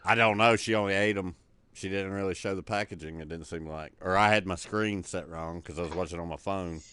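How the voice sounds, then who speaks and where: A man's voice: low voice, fairly quick, sharp tone, clear, resonant tone, dry recording. A man streaming a game, joking and swearing freely in casual voice chat with friends over a headset.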